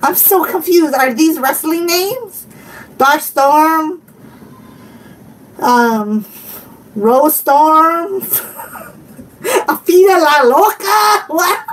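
A woman's voice: high voice, expressive, very slow, long pauses. A woman hosting a casual live stream from home, giggling a lot and chatting to her viewers and her dog. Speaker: channel host. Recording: from a bit far off the mic, faint room noise.

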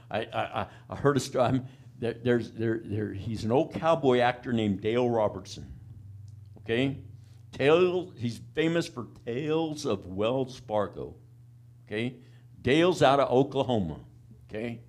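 A folksy country preacher, a man of middle pitch who talks in a plain, down-home way. He keeps asking his congregation "amen?" and "all right?" between his points. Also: animated, a little slow, darkish tone. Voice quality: plain country-boy way of talking. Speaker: pastor. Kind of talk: sermon.

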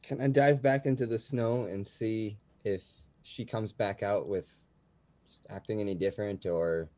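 A man's voice: fairly low pitch, steady tone, a little slow, darkish tone. A man playing a tabletop game who trails off mid-sentence. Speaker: player. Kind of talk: tabletop role-play.

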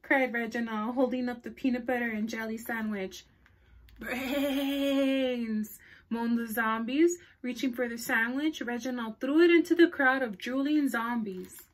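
A woman children's librarian reads a picture book aloud at storytime, her voice sitting a little high. She talks in a chatty way, pausing to ask her young listeners questions and laughing along as she goes.

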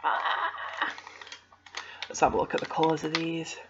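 Excitable young woman unboxing. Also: sits low, measured pace, noisy background. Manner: excitable, gasping, gushing exclamations. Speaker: vlogger opening a parcel. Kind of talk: casual unboxing chat. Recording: slightly dull home video audio.

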